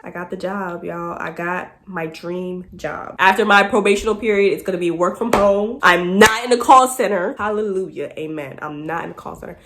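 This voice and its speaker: A woman vlogger, telling a casual story and acting out quotes in high voices, laughing often. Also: moderate pace, hardly any pauses, a bit bright, a little hiss or hum.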